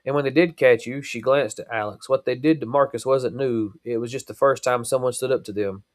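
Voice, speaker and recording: Guy reading a book aloud, doing a nervous young woman, quiet and earnest, mid-pitched. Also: a little fast, no echo, studio quality, close to an everyday voice.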